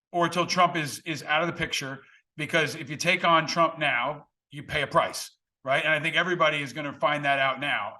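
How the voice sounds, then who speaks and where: A man with a high, bright, forceful voice hosts a political conversation. He makes his points earnestly and bluntly and leans hard into the key words. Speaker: podcast host.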